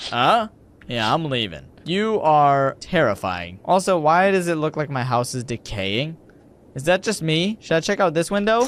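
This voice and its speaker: A young man chatting excitably while playing a game and reading its text aloud. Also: on the high side, normal speed. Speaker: gamer. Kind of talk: let's play commentary.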